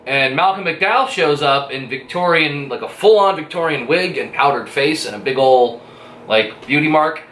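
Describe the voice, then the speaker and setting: Male reviewer, rambly and crude, bright voice, roomy echo. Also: on the high side, moderate pace, a little hiss or hum. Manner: rambling, profane, hesitant with many fillers. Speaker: movie reviewer. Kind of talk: casual spoken movie review.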